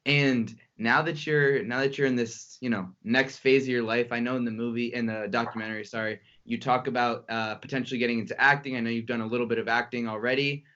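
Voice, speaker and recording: A man's voice: mid-range voice, steady tone, fast, few pauses, fairly bright tone, dull audio. Man hosting, rambling questions. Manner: long, rambling questions with restarts. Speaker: podcast host. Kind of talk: casual interview questions.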